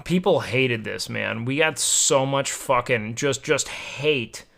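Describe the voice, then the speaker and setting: A man's voice: mid-range voice, slow pace, gravelly, fairly bright tone. A young man livestreaming, chatting casually and musing aloud to his chat, swearing now and then, at a home desk mic.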